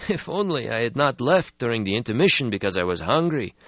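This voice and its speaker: A man voicing a weary, melancholy ancient male vampire in an audiobook, speaking slowly and mournfully. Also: mid-range voice, very animated, fairly bright tone, dry recording, pitched above the performer's own voice. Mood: nostalgic. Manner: slow, mournful, world-weary. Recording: slightly muffled lo-fi audio.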